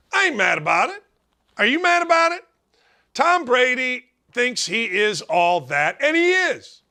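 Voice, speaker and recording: A middle-aged man hosting a sports talk show, loud and emphatic with folksy trash talk. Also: very high voice, gravelly.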